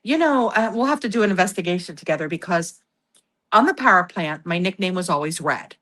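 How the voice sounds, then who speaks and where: A woman guest on a podcast, telling stories in casual conversation in an animated way, often laughing and acting out what people said. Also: lowish voice, fairly quick. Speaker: guest, paranormal investigator.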